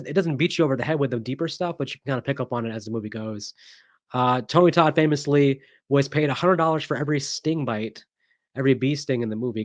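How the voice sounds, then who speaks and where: A man of middle pitch hosts a casual horror movie vlog, voicing his picks with strong opinions. He talks in a chatty, rambling way, full of ums and restarts. The sound is dry and close, with little room echo.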